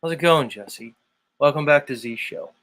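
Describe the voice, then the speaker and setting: Chatting loosely on his own livestream, a show host rambles with plenty of fillers. His voice is a little high and fairly bright, at normal speed.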